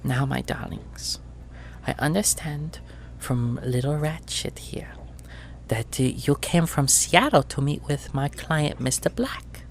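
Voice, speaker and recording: A man's voice: mid-range voice, slow pace, creaky, in a whisper, pitched above the performer's own voice. A man voicing a mean, sweetly menacing middle-aged crime boss woman with a nasal, rusty, syrupy voice in a tabletop game. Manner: soft, purring and threatening, with small stumbles.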